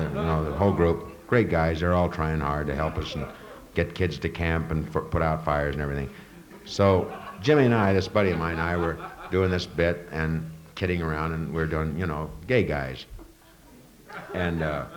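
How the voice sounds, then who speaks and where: A man's voice: low-pitched, low-quality recording. A man from the northern United States doing a stand-up routine with a rambling, stop-start delivery before a live audience. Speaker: stand-up comedian. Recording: live audience crowd noise.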